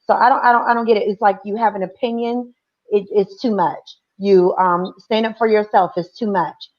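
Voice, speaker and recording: Animated woman telling a story on a panel. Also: medium pitch, moderate pace, dull audio. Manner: animated storytelling with quoted voices. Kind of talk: panel discussion.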